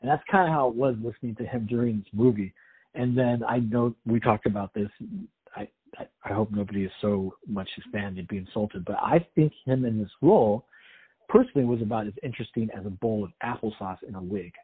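This podcast co-host talks casually and sarcastically about a movie, rambling along with wry jokes. His voice sits fairly low, moves fairly quickly, and has a breathy edge. The audio sounds tinny, almost like a phone.

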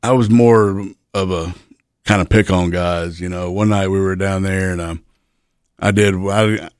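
Lowish-voiced middle-aged man telling stories. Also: steady tone, unhurried, clean tone, no echo, studio quality. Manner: laid-back, profane, rambling anecdotes. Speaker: guest, retired pro wrestler. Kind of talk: casual storytelling.

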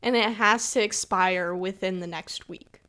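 A young woman co-hosting a casual chat over a video call, giggly and rambling, her voice trailing off softly. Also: medium pitch, fairly even intonation, measured pace. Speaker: co-host.

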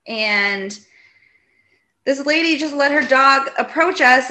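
A woman co-hosting a casual chat, telling animated stories and acting out what people said. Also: high-pitched, moderate pace. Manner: animated storyteller, acts out quotes, exasperated.

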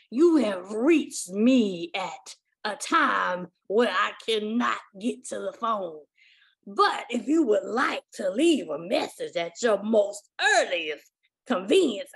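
A woman imitating an older male pastor with a deep, drawn-out, pompous way of speaking. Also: vocal fry, slightly rough, exaggerated voice.

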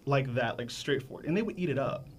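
A man tells a story in relaxed casual podcast chat, now and then acting out voices. His voice sits in a middle pitch for a man. Faint noise hangs in the background. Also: fast talker. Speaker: podcast co-host.

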